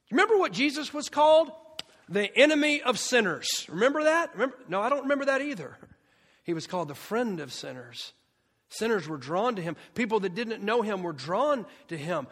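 A man preaches with fervor, pitched high, leaning on rhetorical questions and repeated lines. His voice carries through a large church, trailing a long echo off the walls. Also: a bit bright. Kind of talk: sermon. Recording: long hall reverb.

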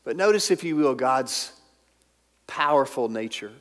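A pastor preaching a sermon, emphatic and at times dropping to a soft, intimate tone. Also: male voice, mid-range voice, expressive, measured pace. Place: church sanctuary. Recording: long hall reverb.

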